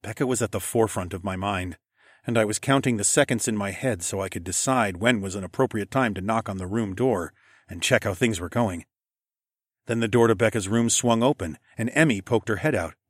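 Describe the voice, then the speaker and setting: Low-voiced male audiobook narrator. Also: brisk, dry recording, studio quality. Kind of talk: scripted first-person narration.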